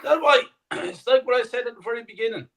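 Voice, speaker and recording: A man's voice: extremely high pitch, quick pace, a bit bright, rough recording. A man talking as a guest on a fan podcast, indignant and sweary, with emphatic points. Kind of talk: podcast discussion.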